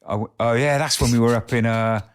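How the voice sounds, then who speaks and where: A man as a guest on a casual podcast chat, laid-back and sweary, dropping into hushed asides when quoting. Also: medium pitch, steady tone, a little fast, clean tone.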